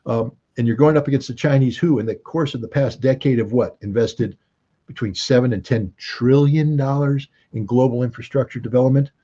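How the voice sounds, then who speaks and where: A man's voice: mid-range voice, brisk, mellow, slightly rough. An American man giving emphatic, argumentative commentary as an interview guest, fond of rhetorical questions, on dull lo-fi call audio. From United States.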